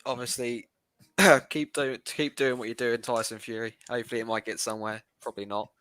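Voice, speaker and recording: A man joining a live show as a guest, speaking softly and hesitantly with many fillers. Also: medium pitch, fairly even intonation, a little fast. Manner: soft-spoken, hesitant with fillers. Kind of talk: casual call-in chat.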